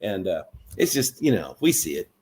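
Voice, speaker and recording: A man in casual political chat who tells animated stories, swears freely and acts out what people said. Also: deep voice, normal speed.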